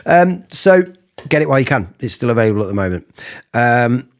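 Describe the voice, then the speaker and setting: A man giving a casual singing lesson, explaining vocal technique between falsetto sung examples. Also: sing-song, brisk. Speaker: singing teacher.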